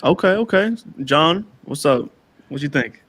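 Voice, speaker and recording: A man's voice: fairly high pitch, expressive, unhurried, a bit bright. A young man hosting a podcast, chatting casually with slangy, laid-back banter. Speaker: podcast host. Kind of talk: casual chat.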